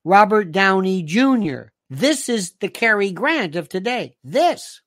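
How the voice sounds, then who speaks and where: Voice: mid-range voice, sing-song, takes it slowly, fairly bright tone, dry recording, clean studio sound. A host from the United States giving an opinionated monologue and reading out viewer comments, ranting and sarcastic, full of insults and rhetorical questions.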